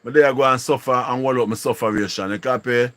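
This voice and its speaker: A man's voice: mid-range voice, steady tone, fast talker, a bit bright, dry recording. A man with a Jamaican accent hosting a casual live stream, greeting viewers and repeating slangy catchphrases. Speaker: livestream host.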